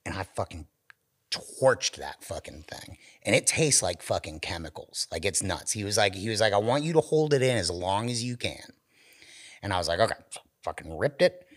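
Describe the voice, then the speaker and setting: Speaking at a moderate pace in a lowish voice, a man who co-hosts a podcast spins a story during easygoing conversation. His telling is animated and full of profanity, with the people in it voiced through acted quotes.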